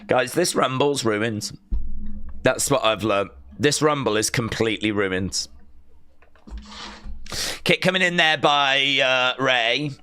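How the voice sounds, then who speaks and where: A man streaming a live watch-along, giving excitable, chatty commentary with mock outrage. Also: mid-range voice, takes it slowly, pauses often, clean tone.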